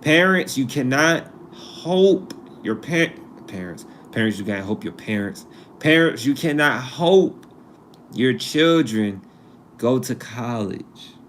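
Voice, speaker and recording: Slow but with lively intonation, a man with a medium-pitched, fairly bright voice hosts a casual live stream, with slight background noise. He speaks in a loose, conversational way, straying off topic and repeating himself for emphasis.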